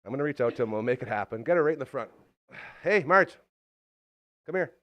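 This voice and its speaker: A man hosting a live show. He is showy and playful, and his voice leaps up and down constantly. He jumps from booming announcements to quiet asides. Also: lively intonation, quick pace, dull audio. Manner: playful, showman-like, big swings between loud announcing and quiet asides. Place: show studio set.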